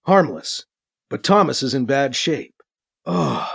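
A man narrating a science-fiction story with a dramatic, expressive reading. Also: sits high, normal speed. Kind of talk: audiobook narration.

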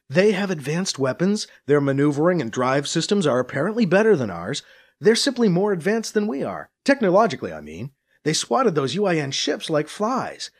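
A bold male character from an audiobook who argues for his plan. He is persuasive and keeps pushing back. A man reads him with a lively, bouncing pitch. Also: breathy edge, exaggerated voice. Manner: argumentative, persuasive.

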